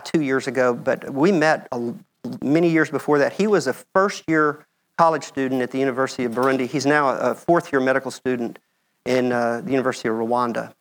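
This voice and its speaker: Middle-aged American man presenting slides; easygoing, chatty lecturer, mid-range pitch. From United States. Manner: conversational, checks in with "okay?". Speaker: medical mission speaker. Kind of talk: conference talk with slides.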